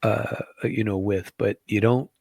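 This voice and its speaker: A man's voice: fairly low pitch, fairly even intonation, measured pace, gravelly, darkish tone, breathy edge, no echo, studio quality. A middle-aged man hosting a show, rambling through casual political commentary full of restarts and asides. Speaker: show host.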